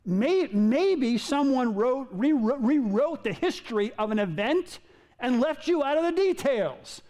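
A man preaching a sermon, animated, acting out quoted lines with sudden leaps in pitch. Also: measured pace. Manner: animated, acts out quotes with big pitch jumps. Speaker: pastor. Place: in a room with listeners.

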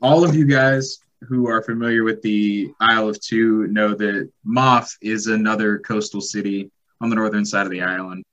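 A man acting as game master of a tabletop role-playing game, calmly explaining rules and the world. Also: lowish voice, moderate pace, dull audio.

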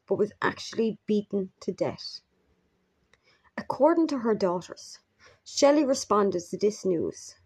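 A woman narrating a true crime story in a measured, grave manner with brief asides. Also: mid-range voice, a little mellow.

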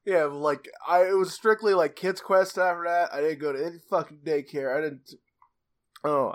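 A young man casually telling a childhood story on a podcast, rambling with many restarts, fillers and laughs. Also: on the high side.

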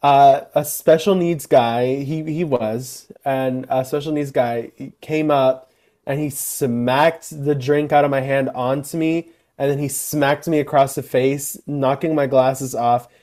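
A man's voice: mid-range voice, unhurried. A young man co-hosting a podcast, telling stories in a casual chat and acting out what people said. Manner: animated storyteller who acts out quotes. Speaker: podcast co-host.

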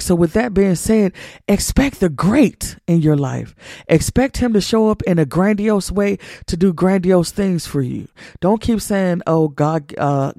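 A podcast host leads a faith talk, urging listeners on with repetitive, sermon-like, folksy Southern-church phrasing. His voice is on the high side with a dark tone, recorded at studio quality without echo.

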